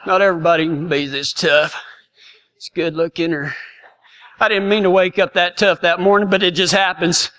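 A man's voice: sits high, fairly even intonation, normal speed, sharp tone. A middle-aged man telling a comic personal story in a folksy, self-mocking way, laughing often. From Texas.

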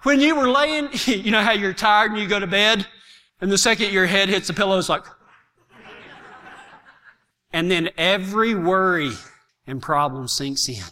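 A pastor preaches with big swings, dropping to hushed asides and then shouting. His voice sits high and sounds very bright and sharp. It rings out with a long echo through a large church hall. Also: moderate pace, long pauses. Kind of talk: sermon.

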